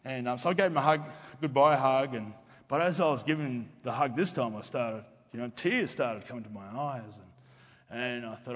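Man preaching in a reverberant hall. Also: mid-range voice. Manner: halting, many fillers and restarts. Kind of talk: sermon testimony.

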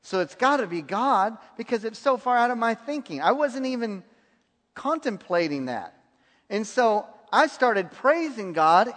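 A man preaching a sermon, telling a personal story in an animated way and laughing often. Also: high voice, big-room sound. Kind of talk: sermon testimony.

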